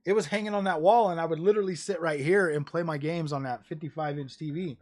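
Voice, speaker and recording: A man's voice: fairly high pitch, fast talker, a little mellow. A man streaming live, rambling casually about game consoles, saying "dude" and "bro" a lot and cursing now and then. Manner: jokey, drops into mocking voices. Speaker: gaming streamer. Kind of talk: casual livestream chat.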